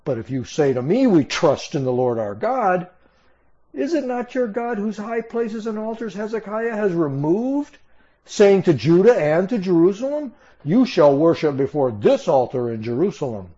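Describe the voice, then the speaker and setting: A man's voice: high-pitched, sing-song, moderate pace, highs cut off, voice pushed up. A man reading as a taunting Assyrian envoy. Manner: taunting, declaiming, raised and forceful. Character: mocking, boastful male Assyrian envoy shouting at a city.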